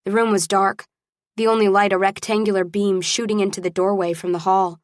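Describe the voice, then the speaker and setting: A woman narrating a first-person audiobook in a steady, expressive storytelling voice. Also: mid-range voice, fairly quick, no room sound, studio quality.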